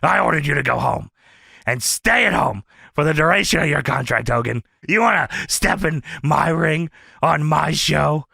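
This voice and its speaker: A man voicing a furious, domineering older wrestling chairman, speaking lower and more growly than his own voice. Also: expressive, normal speed, gravelly, bright, forceful tone, slightly rough, dry recording, studio quality, exaggerated voice.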